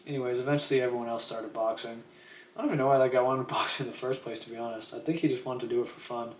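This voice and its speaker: A man's voice: medium pitch, flat delivery, racing. A young man casually telling a rambling story on a livestream, swearing freely and acting out what people said. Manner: rambling, laid-back, swears freely, acts out quotes. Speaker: streamer. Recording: echoey room with faint ambient noise.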